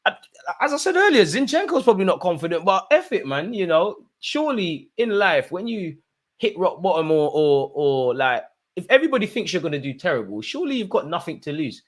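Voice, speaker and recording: A man's voice: high voice, a little fast. A young man chatting on a live football stream, reading out super chats in a rambling, slangy way. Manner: animated, slangy, rambling with fillers. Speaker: football watch-along streamer.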